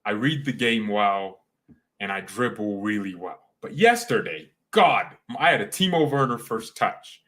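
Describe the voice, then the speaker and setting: Rambling, excitable young man. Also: fairly low pitch, unhurried. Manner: rambling and excitable, full of slang, frequent restarts. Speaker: streamer. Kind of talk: casual live-stream chat.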